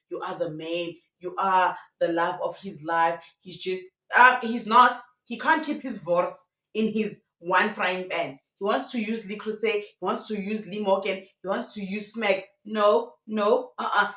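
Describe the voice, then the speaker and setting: A woman's voice: fairly low pitch, a bit bright. A woman retelling a story in a dramatic, mocking way, often slipping into the voices of the people in it. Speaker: commentator retelling a radio prank. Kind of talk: animated storytelling commentary. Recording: roomy echo.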